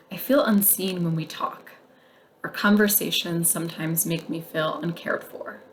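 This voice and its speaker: This is a woman with a somewhat low voice who teaches communication skills straight to camera. She talks gently and steadily, often pausing on small fillers and slipping into soft breathy asides, over a faint background hiss. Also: poor audio. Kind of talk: instructional talk to camera.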